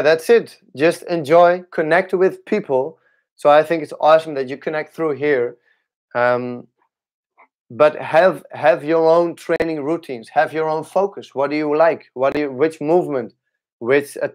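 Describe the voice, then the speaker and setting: A young man, a capoeira teacher, chatting casually on a livestream, halting and restarting his sentences often. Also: a little high. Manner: halting, with many restarts and fillers. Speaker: capoeira instructor.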